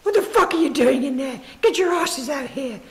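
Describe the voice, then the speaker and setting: A woman's voice: sits high, expressive, normal speed, pitched above the performer's own voice. A woman voicing a tough military man who swears and barks orders harshly during a story reading. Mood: angry shouting.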